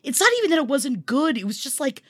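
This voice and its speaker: A podcast host in casual comedic chat who talks excitedly, swears freely and slips into mocking voices. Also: sits high, fast.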